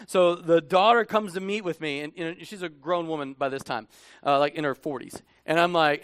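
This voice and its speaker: Animated man preaching a sermon. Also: a little high, fairly quick, clear, resonant tone, no echo. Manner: animated, swings from hushed asides to loud emphatic bursts. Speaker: pastor. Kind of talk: conversational sermon.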